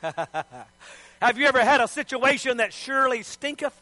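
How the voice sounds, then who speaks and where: A man's voice: high-pitched, unhurried, bright, forceful tone, no room sound. A man preaching a sermon, telling the story in a folksy, joking way.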